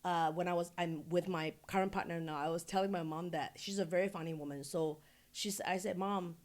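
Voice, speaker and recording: A woman from Singapore, a podcast guest who tells stories candidly, swears freely and gets animated. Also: lowish voice, a little fast. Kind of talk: casual interview storytelling.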